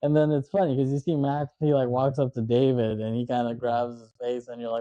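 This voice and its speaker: A man's voice: medium pitch, level tone, warm tone, dry recording, highs cut off. A man co-hosting a podcast, casually retelling a movie scene by scene in a rambling way. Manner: rambling, acts out lines in quick voices, laughs often. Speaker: podcast co-host. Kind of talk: casual chat recapping a film.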